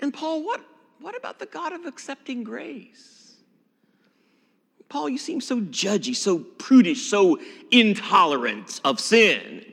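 A man delivers a sermon in a high, bright voice that swings widely in pitch. He preaches emphatically, at times falling to a hush, and his voice rings with the long reverb of a church sanctuary. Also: slow pace, vocal fry, slightly rough. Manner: expressive, emphatic preaching with dramatic drops to a hush. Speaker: pastor.

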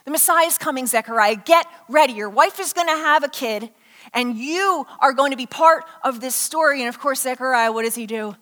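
A woman preacher giving an animated sermon, telling a story and asking the congregation questions. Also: high-pitched, normal speed. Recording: hall reverb.

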